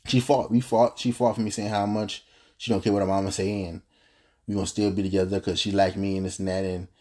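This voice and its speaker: Brief: young man, low husky voice, mellow, earnest rambling personal story. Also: flat delivery, quick pace. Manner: earnest, rambling, with frequent restarts and fillers. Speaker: podcast host telling his story.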